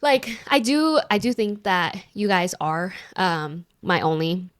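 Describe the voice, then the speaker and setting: A young woman co-hosting a podcast, telling stories in a casual, animated way with lots of fillers. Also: on the low side, slow, no room sound, studio quality. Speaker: podcast co-host. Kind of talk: casual chat.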